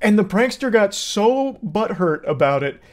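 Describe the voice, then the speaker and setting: A man's voice: high voice, big pitch swings, unhurried. A man giving blunt, profane, sarcastic commentary on video clips. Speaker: commentary host.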